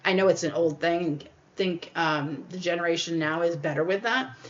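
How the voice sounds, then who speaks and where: A woman's voice: fairly low pitch, moderate pace, highs cut off, slight background noise. A woman hosting her own podcast, giving earnest, casual life advice and often acting out what other people say. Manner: earnest, repeats points, acts out quoted people. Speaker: podcast host.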